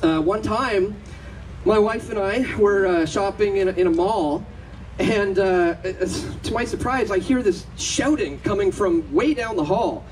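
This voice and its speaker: A man's voice: high voice, measured pace, distant mic, slight background noise, low-quality recording. A man giving a conference talk, telling anecdotes, acting out the voices of other people and laughing often. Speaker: conference speaker. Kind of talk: storytelling speech to an audience. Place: conference stage.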